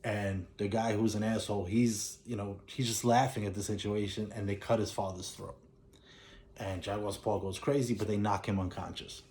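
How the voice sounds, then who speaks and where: A man's voice: fairly low pitch, fairly even intonation, moderate pace, darkish tone, a little hiss or hum. A man casually retelling a film plot, rambling with fillers and restarts as he goes. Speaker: movie reviewer. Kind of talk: casual movie recap.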